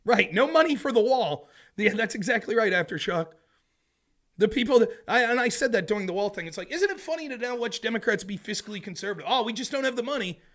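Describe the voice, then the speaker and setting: High-voiced sarcastic male political commentator. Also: fast. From United States. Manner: sarcastic, mocking impressions, grows loud and animated. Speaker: political commentary show host.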